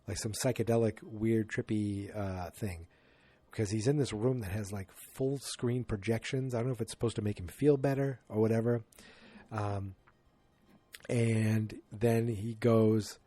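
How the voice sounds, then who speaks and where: A man's voice: on the low side, warm tone, dry recording. A man hosting a podcast, casually retelling a movie plot in a rambling way and acting out quotes from the characters. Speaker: podcast host.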